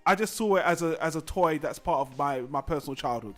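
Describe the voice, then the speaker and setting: A man's voice: a little high, animated, quick pace, fairly bright tone, faint music behind. A man hosting a casual chat show, talking in a rambling, conversational way with frequent restarts. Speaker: podcast host.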